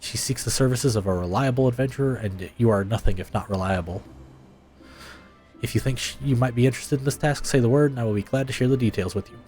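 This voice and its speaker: A man reading game dialogue aloud, playing a commander who speaks in a formal, measured way. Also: mid-range voice, darkish tone, faint music behind, lightly acted. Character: grateful commander dispatching adventurers.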